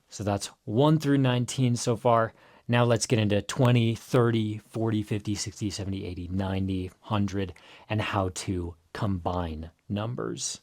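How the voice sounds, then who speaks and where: A man teaching pronunciation in a relaxed way, drawing words out slowly to demonstrate them. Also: on the low side. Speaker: language teacher. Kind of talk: pronunciation lesson.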